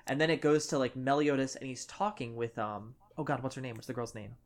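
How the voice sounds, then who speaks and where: Low-voiced woman retelling anime scenes. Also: brisk. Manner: animated retelling of scenes, casual swearing. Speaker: podcast co-host. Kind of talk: casual chat.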